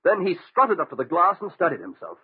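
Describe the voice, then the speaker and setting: An actor playing a shaken, defensive young officer in a 1940s radio drama, speaking in a hoarse, agitated way. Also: male voice, high voice, wildly swooping pitch, fast, full character voice. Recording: tinny old radio recording.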